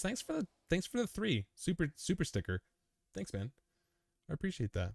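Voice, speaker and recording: A man's voice: fairly high pitch, very animated, a little fast, vocal fry, a little mellow, soft background music. A man hosting a crypto live stream, chatting casually and answering viewer comments in a rambling, chummy way, worn out after a long session. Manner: laid-back, rambling, chummy, calls viewers dude.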